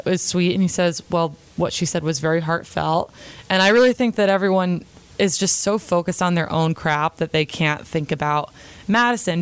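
A woman's voice: on the low side, clear, resonant tone, dry recording. A young woman casually recapping a reality episode in a chatty, opinionated way, quoting the cast as she goes. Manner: chatty, opinionated, retells scenes with quotes.

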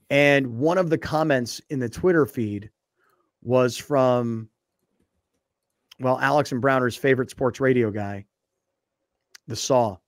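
A man hosting a sports talk show, chatting casually in an animated, mocking way. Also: mid-range voice, no room sound, studio quality. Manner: animated, mocking, shifts into impressions. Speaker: sports radio host.

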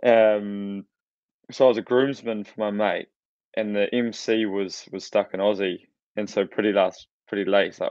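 Low-voiced kiwi guy in his thirties. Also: flat delivery, moderate pace, darkish tone, no room sound. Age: 30s. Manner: rambling, self-mocking storyteller. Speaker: podcast co-host. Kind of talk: casual chat. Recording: dry, dull lo-fi sound.

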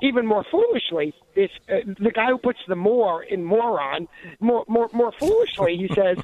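An indignant man with a high voice gives sarcastic talk radio commentary. He keeps restarting and adding asides. The sound is thin and phone-like, with no room around it. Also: lively intonation, unhurried, dry recording.

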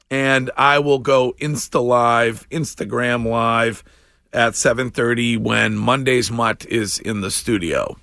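A man's voice: mid-range voice, dry recording. Brief: male radio host, dry close mic, upbeat ad reads. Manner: animated, quick to laugh. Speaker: radio morning show host. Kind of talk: radio talk and live ad reads.

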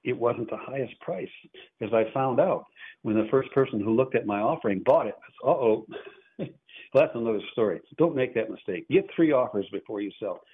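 A man's voice: medium pitch, animated, fairly quick, slightly rough. A man hosting a call-in radio show as an antique auctioneer, chatting in a rambling, self-interrupting way. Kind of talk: casual call-in radio talk. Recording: tinny phone-like radio audio.

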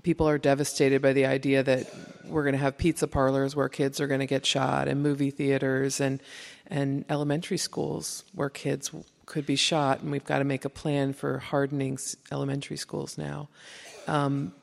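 A woman reporter speaking on a live panel, halting with frequent restarts and fillers. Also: extremely low pitch, little pitch movement, gravelly. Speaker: investigative reporter. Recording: reverberant hall.

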